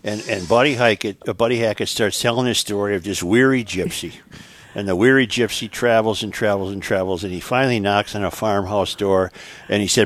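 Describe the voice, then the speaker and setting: A man's voice: on the low side, a little fast. An older man hosting a casual sports talk show, telling long jokes with relish and acting out the characters. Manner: animated storyteller, voices joke characters. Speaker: radio talk show host. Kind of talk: casual chat, joke telling.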